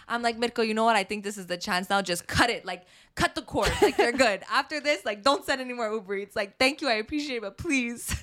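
Animated young woman storyteller, dry sound. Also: a little high, quick pace, few pauses, no room sound. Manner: animated storytelling, swears freely. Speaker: podcast co-host. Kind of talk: casual chat.

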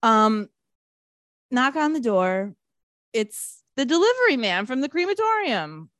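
A woman retells a film in a loose, profane, animated way. Her pitch jumps all over the place, and the recording is dry and close. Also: unhurried, no echo. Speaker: podcast co-host. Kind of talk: casual movie recap.

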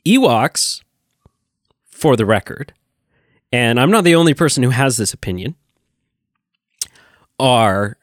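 This podcast co-host has a mid-range, animated voice, speaking slowly and pausing often. His casual chat is enthusiastic and rambling, full of restarts, and the studio-quality recording is dry.

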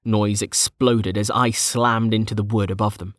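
A man narrating a fantasy novel in a steady, measured storytelling voice. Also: lowish voice, dry recording, clean studio sound. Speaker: audiobook narrator.

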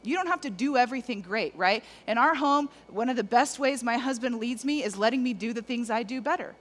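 Woman, preacher, fairly high voice, animated, speaks right to the crowd, conversational sermon. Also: a little fast. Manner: animated, conversational, addresses the audience directly. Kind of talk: sermon to men.

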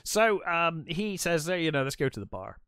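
A man co-hosting a casual film podcast, talking in halting bursts, repeating words and chuckling often. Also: fairly high pitch, big pitch swings, a bit bright, clear, resonant tone, no room sound, studio quality. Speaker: podcast co-host.

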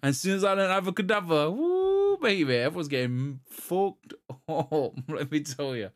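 A young man chats loosely on a gaming podcast, his voice sitting a little high. He rambles through long lists and restarts his sentences. He laughs easily at his own jokes. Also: normal speed. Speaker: podcast co-host. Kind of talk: casual chat about video games.

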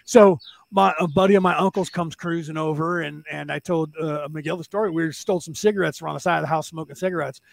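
A man hosting a podcast, chatting casually and telling stories in an animated way, calling people bro. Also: on the high side, fast talker, gravelly, dry recording. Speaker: podcast host. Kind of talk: casual chat. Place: California.

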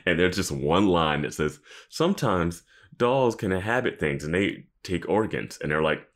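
Male podcast co-host, very low voice that swings widely in pitch, joking and sarcastic. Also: normal speed. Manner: animated, laughs often, sarcastic asides. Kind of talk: casual episode recap chat.

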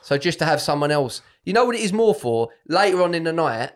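A man with a London accent and a somewhat high voice, a comedian co-hosting a casual garage podcast, swearing freely and mimicking drunk people. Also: very animated, fairly quick. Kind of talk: casual chat. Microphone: home podcast mic in a garage.

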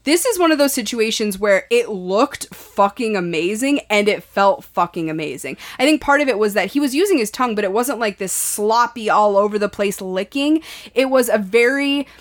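A woman's voice: mid-range voice, expressive, normal speed. A woman co-hosting a podcast, telling a personal story in a frank, chatty way with crude language. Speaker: podcast co-host. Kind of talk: candid casual chat.

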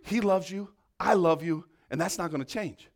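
A male preacher with a high voice delivers a fervent sermon. He keeps asking "right?" and swings from raised, urgent exhortation down to hushed prayer. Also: normal speed, gravelly. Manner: peppers talk with "right?".

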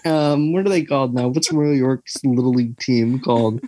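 A man's voice: medium pitch, brisk, hardly any pauses, warm tone, a little hiss or hum. A young man, chatting casually as a podcast co-host, rambling with lots of fillers and tangents. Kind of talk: casual chat.

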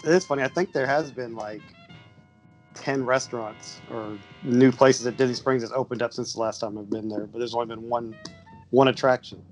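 An easygoing man makes relaxed, chuckling remarks in a friendly chat. His voice sits at an average pitch. Faint guitar music plays behind him. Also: moderate pace, rough recording. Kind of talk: casual chat.

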